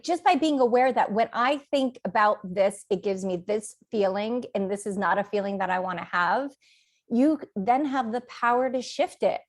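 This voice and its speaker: A woman hosting a wellness podcast, enthusiastic and quick to praise her guest. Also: a little high, a little mellow. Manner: enthusiastic, gushing, quick bursts. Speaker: podcast host. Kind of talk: podcast interview.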